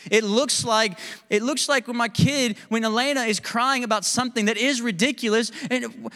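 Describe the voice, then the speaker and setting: A man's voice: very high voice, moderate pace, sharp tone, long reverb tail. A man preaching a sermon as pastor, candid and self-deprecating in a conversational way. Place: church sanctuary.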